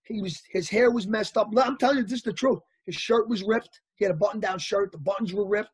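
A man telling stories as an interview guest, animated and acting out the people he quotes. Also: high-pitched, brisk, breathy edge, no echo. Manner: animated anecdotal storyteller, acts out quotes. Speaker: actor guest. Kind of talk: casual storytelling interview.

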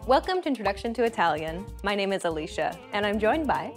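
A woman reads a scripted language lesson as its host. Her voice sits at an ordinary middle pitch, and she explains each point in a clear, measured way. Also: big pitch swings, over music.

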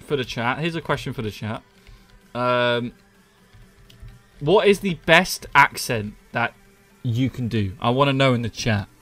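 A man's voice: medium pitch, a little slow, fairly bright tone, no echo, faint music behind. A man from the UK, chatting casually and self-mockingly with viewers on a live stream. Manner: joking, self-mocking, reads chat aloud. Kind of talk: casual chat with viewers while gaming.

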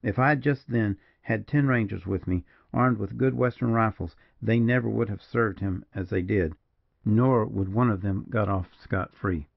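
A man voicing a grave frontier partisan major who speaks slowly and mournfully, in a dull, dry recording. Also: lowish voice, vocal fry, no echo. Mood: grim. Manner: slow, mournful, measured.

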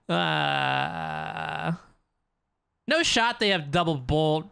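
A young adult card game player thinking aloud during a match, swearing often in frustration between calmer planning. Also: mid-range voice, normal speed, gravelly. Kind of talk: live gameplay commentary, thinking aloud.

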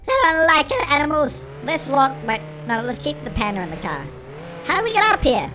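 A performer voicing an excitable cartoon chipmunk in a sped-up chipmunk filter, giving panicky, shrieky game commentary as the channel host. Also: high-pitched, fairly quick, over music. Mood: frantic. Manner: shrieky, panicky, constantly shouting to friends. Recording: noisy game sounds behind.

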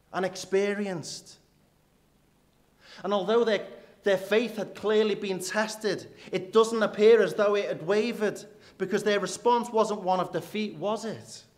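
Man, church sermon, rhetorical, fairly high voice. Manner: rhetorical, dropping low and quiet for emphasis. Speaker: preacher.

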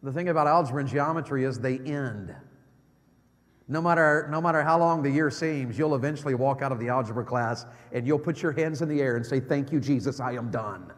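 A middle-aged man preaching a sermon as an evangelist, swinging from loud exclamations to hushed low tones. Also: a little fast. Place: church sanctuary. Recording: long church hall reverb.

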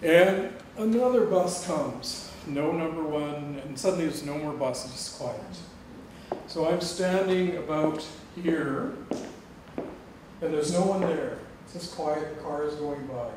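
A middle-aged Canadian guest speaker tells an audience a personal story in a campus lecture hall, acting out the dialogue and laughing often. His voice is fairly high and a little slow. The recording is distant and echoey, with noise.

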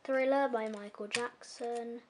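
A young woman vlogs while holding the camera herself, chatting casually in a giggly, self-deprecating way. Her voice is on the high side with a steady tone and a slightly slow pace, captured by the camera mic at a distance with background noise.

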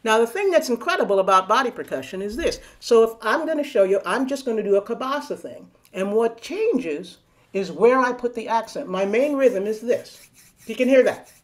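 A woman's voice: a little high, animated, normal speed. A woman leading a body percussion lesson over a video call, playful and coaxing, counting and chanting rhythms aloud. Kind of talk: live online teaching. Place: home room on a video call.

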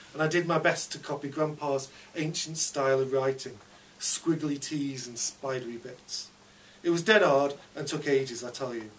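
A man's voice: a little high, recorded from a distance, slight background noise. A man reading his own story aloud at a fiction night, in a chatty child narrator's voice.

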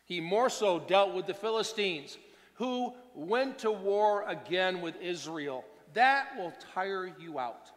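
A pastor delivering a sermon, his delivery swinging between hushed and loud. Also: sits high, animated, slow pace, long reverb tail. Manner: preaching with wide swings between soft and loud.

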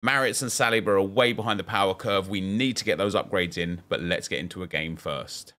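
A young man chatting casually while playing a football video game, reacting with excited outbursts and frustrated self-talk. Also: low voice, a little fast. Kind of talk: casual gameplay commentary.

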